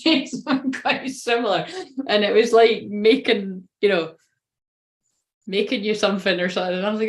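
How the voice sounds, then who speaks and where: A woman's voice: medium pitch, steady tone, normal speed. A woman giving a casual tarot reading, talking in a chatty, rambling way, swearing constantly and laughing at herself. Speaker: tarot reader.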